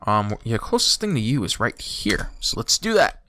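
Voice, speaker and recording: A man talking through a strategy game for his channel, chatty and thinking aloud, with bursts of excited exclaims. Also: lowish voice, normal speed. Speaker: YouTuber playing a strategy game. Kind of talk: let's play commentary.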